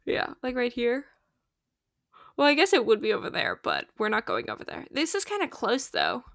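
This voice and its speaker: A young woman rambling casually on a game livestream, full of fillers and little laughs. She sounds sleepy, yet her high voice stays bright. The close mic in her room is dry, with no room sound. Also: huge pitch swings, moderate pace, gravelly, no echo. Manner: chatty, giggly, lots of fillers. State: sleepy, yawning. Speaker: streamer.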